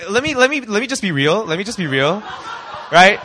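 A young man from the United States preaching a sermon, animated and throwing rhetorical questions at the congregation. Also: high voice, fairly quick.

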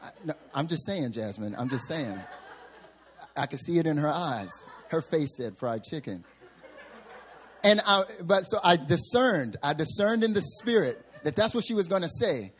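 A man's voice: a little high, sing-song, moderate pace, a little hiss or hum. A male pastor giving a sermon in a church sanctuary, telling humorous, self-mocking stories.

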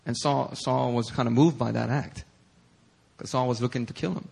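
A male pastor preaching a sermon in a church, telling stories in an animated, conversational way. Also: medium pitch, moderate pace, vocal fry, breathy edge. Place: church sanctuary.

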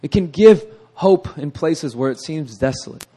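A man's voice: on the high side, lively intonation, moderate pace, dark tone, breathy edge. A middle-aged male pastor preaching with energy, often asking the congregation "right?" and laughing at himself. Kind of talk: sermon.

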